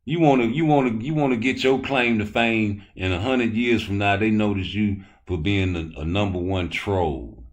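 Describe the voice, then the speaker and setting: A man's voice: fairly low pitch, normal speed, hardly any pauses. A man hosting a live boxing talk stream, rambling loosely and cursing as he answers his chat. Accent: Baltimore. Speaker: boxing talk show host.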